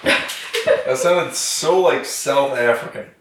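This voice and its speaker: A man's voice: medium pitch, slow, a bit bright. A man in casual party-game banter, laid-back and slangy, laughing often. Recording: roomy, distant mic, hiss.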